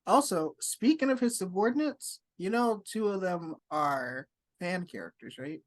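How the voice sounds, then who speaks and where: A man co-hosting a podcast, chatting about an anime in a relaxed way and filling in background details. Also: high-pitched, measured pace. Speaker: podcast co-host. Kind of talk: casual anime discussion.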